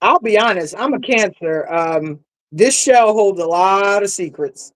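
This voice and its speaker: A woman's voice: mid-range voice, expressive, unhurried, rough recording. A woman guest on a casual talk show, speaking bluntly and confidently, with emphatic repetition. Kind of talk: casual chat.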